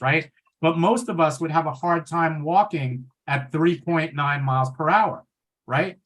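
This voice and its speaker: A man's voice: fairly high pitch, fairly bright tone. A man giving a passionate, conversational webinar talk on pulmonary wellness over a video call, often checking in with "right?".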